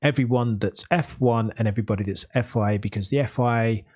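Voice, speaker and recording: A man's voice: mid-range voice, fast talker, a little mellow. A man from Birmingham, England hosting a podcast, explaining a story in earnest, casual commentary. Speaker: podcast host.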